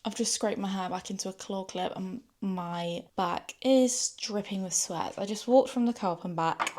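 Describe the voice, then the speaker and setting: A woman's voice: medium pitch, moderate pace, darkish tone. A woman in her twenties, hot and sweaty, chatting to camera in a rambling, self-deprecating way in her small house. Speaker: vlogger. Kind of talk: casual chatty vlog to camera.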